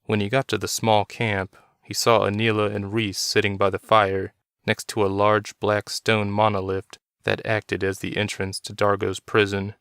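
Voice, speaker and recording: A man reading a story aloud in steady, measured narration. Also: on the low side, clear, resonant tone, dry recording, studio quality.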